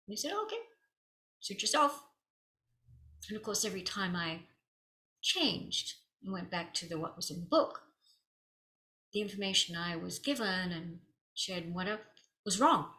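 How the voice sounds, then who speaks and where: Woman healer, crisp bright tone, animated storyteller, echoey room. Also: medium pitch. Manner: animated, drops to whispers at intense moments; acts out quoted dialogue. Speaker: spiritual healer. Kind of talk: personal storytelling to camera.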